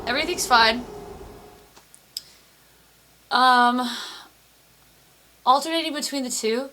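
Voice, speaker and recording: A woman's voice: high-pitched, slow pace, long pauses, background noise. A woman streaming a video game from her apartment, chatting casually, laughing often and swearing freely as she thinks aloud. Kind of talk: casual live-stream chat while playing. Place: apartment room.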